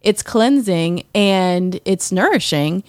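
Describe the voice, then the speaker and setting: A woman's voice: medium pitch, expressive, takes it slowly, a little mellow, dry recording, studio quality. A woman co-hosting a podcast, talking candidly and reflectively about personal experience, with many fillers and restarts. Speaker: podcast co-host. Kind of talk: casual personal conversation.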